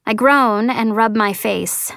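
A woman's voice: a little high, takes it slowly, vocal fry, a bit bright, dry recording, studio quality. A woman reading a first-person story as an audiobook narrator, earnest and lightly voicing the dialogue.

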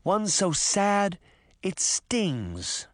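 A man voicing a quick-thinking, determined young girl in an audiobook, urgent and earnest. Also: sits high, huge pitch swings, fairly bright tone, no room sound, studio quality, pitched above the performer's own voice, exaggerated voice. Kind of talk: audiobook character voice.

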